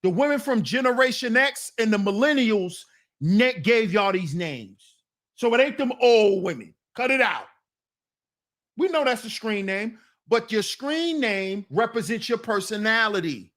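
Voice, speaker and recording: High pitched guy, blunt casual rant, scolding his chat. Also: lively intonation, unhurried, a bit bright. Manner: blunt, scolding, talks back to viewers. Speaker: commentary channel host.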